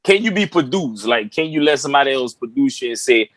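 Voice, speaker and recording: A man's voice: mid-range voice, fast, hardly any pauses, no echo, poor audio. A man hosting a podcast, talking profanely and loosely, retelling stories and laughing with his guest. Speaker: podcast host. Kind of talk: casual chat.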